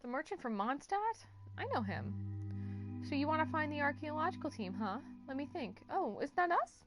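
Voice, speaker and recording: A woman reading out a friendly, relaxed young male desert explorer from a video game. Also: sits high, normal speed, music in the background, pitched above the performer's own voice. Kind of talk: reading game dialogue aloud on stream.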